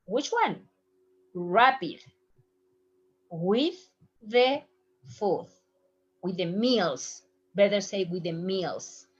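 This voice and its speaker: A woman teaching a medical Spanish lesson from slides, going over each phrase slowly and saying it in both languages. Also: mid-range voice, animated, breathy edge. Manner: slow, explains and repeats phrases in both languages. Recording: muffled lo-fi recording.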